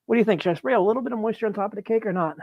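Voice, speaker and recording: A man chatting excitedly on a live stream as he works on his mushroom grow, laughing and apologizing often. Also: high-pitched, dry recording, highs cut off. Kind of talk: live-stream chat while working. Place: grow room, indoors.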